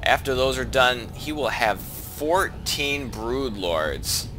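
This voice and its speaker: A man's voice: mid-range voice, animated, slow, over music. A man giving casual play-by-play commentary on a team strategy game he is playing, thinking aloud with many restarts, his voice lifting when fights break out.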